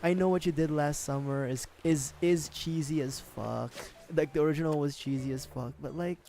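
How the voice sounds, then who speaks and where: A man's voice: a little high, steady tone, normal speed, vocal fry, mellow, slight background noise. A young man streaming a game, chatting casually in a rambling way, swearing and laughing often. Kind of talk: casual livestream chat while gaming.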